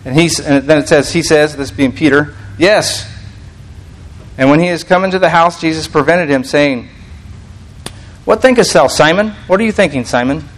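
A man's voice: fairly high pitch, normal speed, rough recording. A man preaching a casual teaching sermon, reading scripture aloud and explaining it in a conversational, restarting manner.

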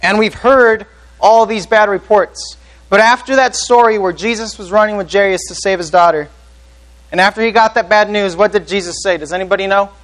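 High-voiced man preaching a sermon. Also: brisk, a bit bright, low-quality recording. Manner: earnest preaching, asks the congregation questions. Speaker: pastor.

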